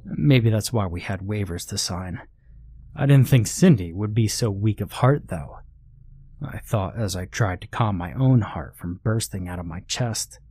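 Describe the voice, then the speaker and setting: A man narrating a first-person horror story in a steady, measured storytelling voice. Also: medium pitch, dry recording, studio quality.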